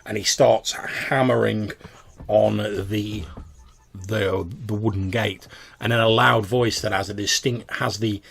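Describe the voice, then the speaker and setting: A man runs a tabletop game, narrating scenes with plenty of stops and fillers. His low voice is gravelly and a little husky. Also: fairly even intonation, fairly bright tone. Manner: halting narration with many fillers. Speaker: game master.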